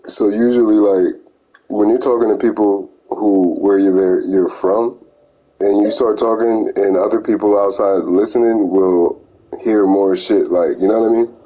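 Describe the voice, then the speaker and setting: Man, casual chat, slangy and laid-back, low voice, warm and husky. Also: steady tone, unhurried, poor audio. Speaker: conversation partner.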